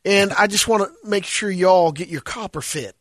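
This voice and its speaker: A folksy retired quarterback pitching a product, impersonated by a man. His voice sits fairly high. It is recorded close and dry. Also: moderate pace, no room sound, natural voice. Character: impression of a retired male quarterback doing an ad pitch.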